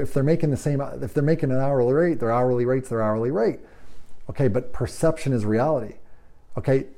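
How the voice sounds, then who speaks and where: A man coaches automotive service managers in a training talk to shop managers, speaking emphatically, posing rhetorical questions and acting out bits of dialogue. His voice is medium-pitched and warm.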